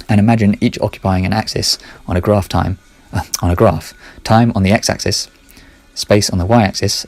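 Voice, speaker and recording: A man's voice: on the low side, darkish tone. A man talking through his ideas in a casual monologue, rambling, correcting himself and muttering asides under his breath.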